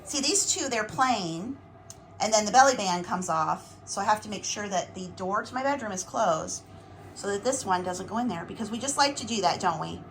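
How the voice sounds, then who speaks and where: A woman's voice: medium pitch, animated, moderate pace, fairly bright tone, slight background noise. A woman vlogger chatting casually to the camera at home, rambling along in a self-deprecating way. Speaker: lifestyle vlogger.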